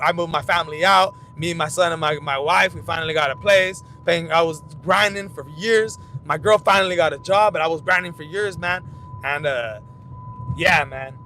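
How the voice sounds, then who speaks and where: A young man hosting a fight commentary channel, telling loose, profane stories in rambling casual talk while he drives. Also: bright, forceful tone. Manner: rambling storytelling, loose and profane, frequent restarts. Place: in a car while driving. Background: vehicle rumble.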